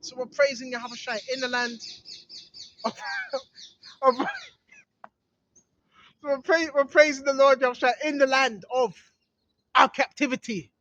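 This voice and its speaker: A man's voice: very high-pitched, fairly even intonation, moderate pace, pauses often, pushed and bright, muffled recording, slight background noise. A man preaching in an emphatic, rambling way outdoors in a hidden spot in the woods, often asking "right?". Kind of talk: outdoor religious vlog monologue.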